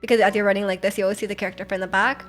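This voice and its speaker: A woman's voice: medium pitch, steady tone, racing, a bit bright, soft background music. A young woman streaming a game, chatting casually and rambling with many fillers and restarts. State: clearing her throat. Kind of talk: casual live-stream chat over gameplay.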